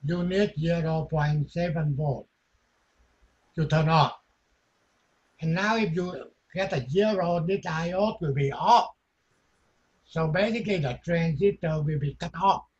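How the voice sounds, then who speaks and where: A man teaching an electronics class, talking in short, halting phrases that he often repeats, with non-native grammar. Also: a little high, dull audio. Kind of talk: classroom lecture.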